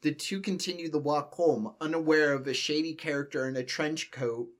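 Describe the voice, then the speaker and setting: A young man taking turns reading fan fiction aloud, halting and stumbling over words now and then. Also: a little high, steady tone. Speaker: co-reader.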